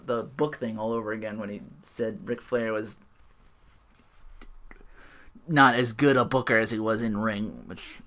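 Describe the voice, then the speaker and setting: A podcast host giving a solo recap with profane, ranting commentary, quick asides and laughs at their own jokes. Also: mid-range voice.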